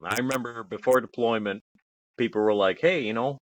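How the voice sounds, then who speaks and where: A man's voice: medium pitch, brisk. Joking man with a profane banter. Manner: joking, profane, laughs often. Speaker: podcast co-host, army veteran. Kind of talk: casual chat.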